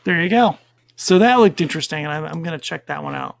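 A man's voice: a little high, fast, gravelly, no echo. A middle-aged man co-hosting a podcast, chatting casually and rambling with fillers. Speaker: podcast co-host. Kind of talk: casual chat.

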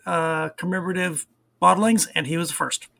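A man co-hosting a relaxed chat, dropping trivia between fillers and trailing pauses. His voice is bright and forward, with a gravelly edge and a slightly higher pitch. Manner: reads fun facts, trails off in fillers. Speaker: podcast co-host. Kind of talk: casual chat.

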